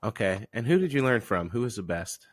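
A man's voice: on the low side, big pitch swings, a little fast, no echo, clean studio sound. A man co-hosting a comedy podcast, playing the straight-faced interviewer with stammering questions.

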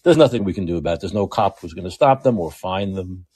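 A man's voice: low voice, lively intonation, fast talker, darkish tone, husky. A man with a New York accent hosting a political commentary monologue, emphatic and repetitive as he restates his points. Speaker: show host.

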